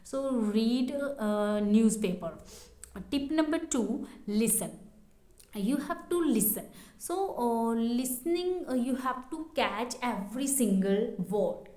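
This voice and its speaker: Slow-talking woman teacher, roomy echo. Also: fairly high pitch, lively intonation, dark tone. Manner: hesitant, many fillers and repeated phrases. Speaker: English teacher. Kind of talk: casual spoken lesson.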